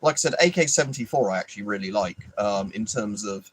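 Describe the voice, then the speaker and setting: A man's voice: on the low side, expressive, quick pace, slightly rough, rough recording. An Englishman hosting a casual livestream, rambling, swearing freely and answering viewers by name. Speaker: livestream host. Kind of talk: casual live chat.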